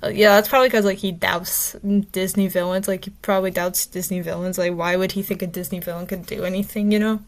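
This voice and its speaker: A woman's voice: mid-range voice, little pitch movement, quick pace, few pauses. A woman reading her own old stories aloud, breaking off into chatty, self-mocking commentary with lots of fillers.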